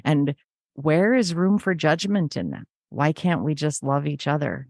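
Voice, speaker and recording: A middle-aged woman with a notably low, grounded voice talks openly as a podcast guest. She is earnest and reflective, slipping into the voices of remembered conversations as she tells her story. The sound is close and dry, with no room around it. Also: expressive, measured pace, darkish tone, no room sound. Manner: earnest, acts out remembered dialogue. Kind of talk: conversational interview.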